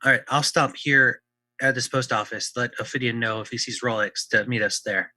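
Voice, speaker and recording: A male player with a sharp, very bright voice talks through his plans in a thoughtful, hesitant way. The recording is dry and close. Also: mid-range voice, steady tone, normal speed, dry recording, low-quality recording. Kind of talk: tabletop game play.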